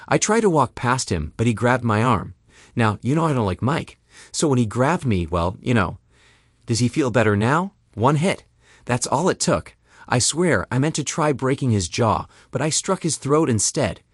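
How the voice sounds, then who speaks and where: A man narrates a first-person story in a bitter, indignant tone. His voice is husky and swings widely in pitch. The recording is dry and close, with no room sound. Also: sing-song, moderate pace, no echo.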